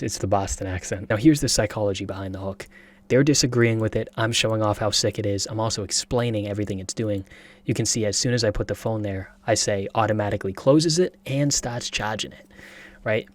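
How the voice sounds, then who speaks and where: A man's voice: on the low side, steady tone, no echo. A young man in his twenties giving a casual tutorial on online sales, hyped and slangy, often checking in with "right?". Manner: hyped, slangy, fast-talking with frequent "right?". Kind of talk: casual tutorial talk to camera.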